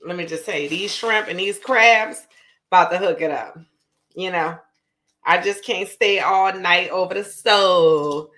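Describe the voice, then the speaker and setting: A Louisiana woman with a New Orleans accent hosts her own cooking show, chatting casually and directly to viewers as she cooks. Her voice sits fairly low and has a fairly bright tone, and she speaks at a measured pace.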